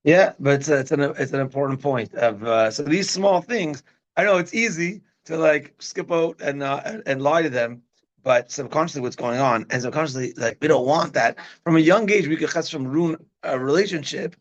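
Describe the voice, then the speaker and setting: A man's voice: a little high, normal speed. A man teaching a parenting class as a rabbi, talking casually and often checking in with his listeners. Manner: animated, keeps checking in with listeners. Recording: dull lo-fi sound.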